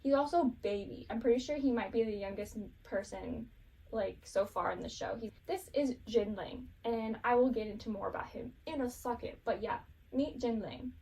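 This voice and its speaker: A woman's voice: on the high side, moderate pace, creaky, dark tone, recorded from a distance. A woman casually recapping a show, rambling and giggling, with lots of fillers.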